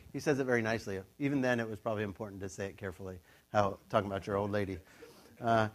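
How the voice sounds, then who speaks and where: A middle-aged man giving a casual, conversational sermon, telling the story with lively asides and laughter. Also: mid-range voice, brisk. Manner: animated storytelling, acts out quoted voices, laughs often. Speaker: pastor.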